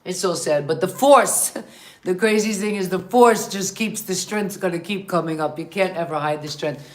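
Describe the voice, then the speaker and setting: A woman's voice: lowish voice, moderate pace. A woman hosting an interview in casual chat, asking long, rambling questions. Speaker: interview host.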